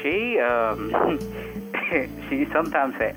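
A man's voice: medium pitch, moderate pace, music in the background, poor audio. A man from India calling in to a radio show by phone, talking hesitantly with many fillers and frequent laughs. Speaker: caller. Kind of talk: call-in radio chat. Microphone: phone line.

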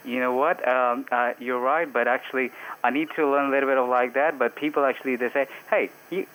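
A man from India phones in to a radio show, talking fast in a medium-pitched, a bit bright voice with fairly even intonation. His speech is hesitant, full of fillers and laughs, over a low-quality line with a little hiss or hum.

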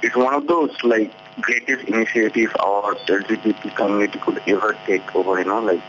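A man's voice: on the low side, fairly even intonation, brisk, a bit bright. A man from India calling into a radio show, rambling with lots of fillers and laughs. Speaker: caller. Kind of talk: phone-in chat. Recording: dull lo-fi call with faint hum.

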